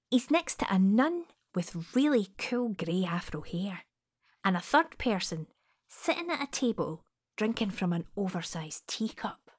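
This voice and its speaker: A Scottish woman telling a first-person story in an unhurried, soft voice that often drops to a whisper. Her pitch rises and falls widely, and she swears now and then. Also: slightly rough.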